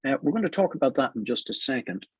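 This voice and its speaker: A man's voice: mid-range voice, sing-song, fast, husky, no echo, poor audio. A man hosting a radio interview show, guiding his guest along with conversational prompts. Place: radio studio.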